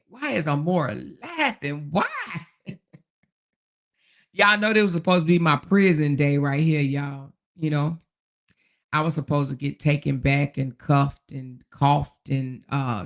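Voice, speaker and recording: A woman's voice: low-pitched, creaky. A woman hosting a casual livestream, reading viewer comments and chatting in a folksy way, often laughing and calling her viewers baby, child and honey. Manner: laughs often while talking. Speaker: livestream host.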